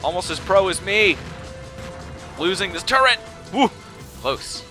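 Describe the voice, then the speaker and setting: Young male let's-player, jumpy and exclaiming, a bit high-pitched. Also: measured pace, music in the background. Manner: excitable, exclaiming and panicking. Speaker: let's play gamer. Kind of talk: casual gameplay commentary.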